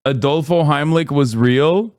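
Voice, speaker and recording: A man's voice: a little high, a little slow, a little mellow, no room sound, studio quality. A man streaming, commenting casually on a clip in a mocking tone and laughing often.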